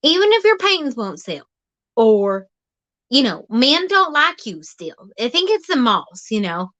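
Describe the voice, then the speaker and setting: Outdoors, a woman vlogger delivers a playful comic monologue in a high, lively voice at a measured pace. She comes across as folksy, rambling, animated and teasing.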